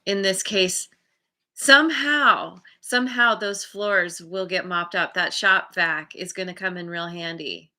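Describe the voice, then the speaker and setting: A woman doing a casual spoken tarot reading, chatty and quick to laugh, often acting out people's reactions. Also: on the low side, steady tone, bright, forceful tone. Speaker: tarot reader.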